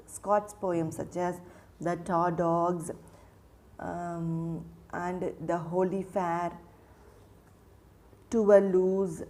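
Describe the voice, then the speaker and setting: Slow woman teaching literature. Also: lowish voice, warm tone. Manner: slow, repeats names and restarts phrases while explaining; asks the listener questions and answers them herself. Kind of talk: English literature lesson.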